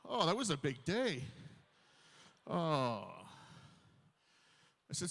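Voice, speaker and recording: A man's voice: on the high side, big pitch swings, takes it slowly, pauses often, a bit bright. Self-mocking comedian in his fifties, hall echo. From Canada. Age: 50s. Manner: self-deprecating storytelling to a crowd. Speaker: stand-up comedian. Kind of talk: stand-up comedy set. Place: large hall on stage. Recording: live hall reverb.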